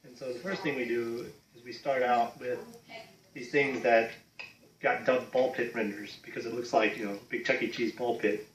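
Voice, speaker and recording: A man's voice: medium pitch, steady tone, normal speed. A man, an effects artist, casually explaining a technical process with frequent asides. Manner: casual, filler-heavy, "you know" asides. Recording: roomy echo.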